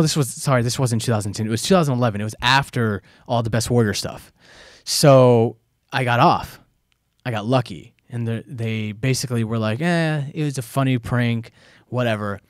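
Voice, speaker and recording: An American man, a former soldier, telling stories from his past in a candid, animated interview, acting out the voices he quotes. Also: medium pitch, moderate pace, no echo, clean studio sound. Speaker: guest. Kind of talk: casual storytelling interview.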